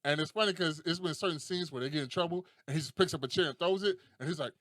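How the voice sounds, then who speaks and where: A young adult man hosting a casual podcast, telling stories in a profane, animated way and laughing often. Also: on the high side, fast talker, no echo, clean studio sound. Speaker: podcast host.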